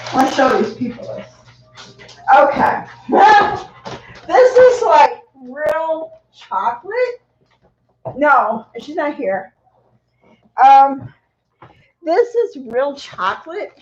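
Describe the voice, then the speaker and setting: A woman's voice: sits high, very animated, slow, long pauses, faint music behind. A middle-aged woman chatting casually on a live stream at home, talking to viewers and her pets, recorded on a phone or camera mic. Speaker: vlogger. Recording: echoey room, dull lo-fi sound.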